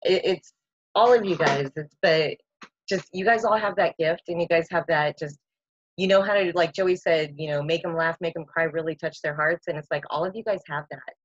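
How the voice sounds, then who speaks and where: A woman's voice: deep voice, normal speed, dry recording. A woman gushes and swears freely on a casual group video call. The sound is dull and lo-fi. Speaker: wrestling school staff.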